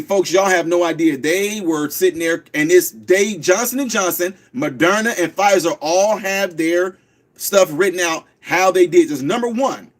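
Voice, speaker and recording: A man hosting a radio talk show, speaking fast and preachy and slowing down to stress words. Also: high-pitched. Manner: preachy, emphatic, repeats words slowly for stress. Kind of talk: fast call-in radio talk, streamed live.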